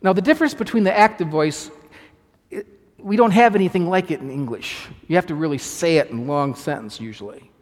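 A man's voice: on the high side, expressive, fairly quick, in a large hall. A man preaching a sermon as pastor, earnest and emphatic, restarting phrases as he explains scripture.

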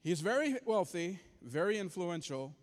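A man's voice: high-pitched, sing-song, moderate pace. A man preaching a sermon, telling a story with emphatic, dramatic delivery and re-enacted quotes. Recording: long hall reverb.

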